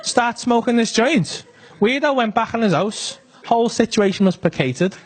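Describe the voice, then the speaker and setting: A man with a Northern English accent doing stand-up storytelling, animated and sweary, full of conversational asides. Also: extremely high pitch, moderate pace. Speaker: stand-up comedian.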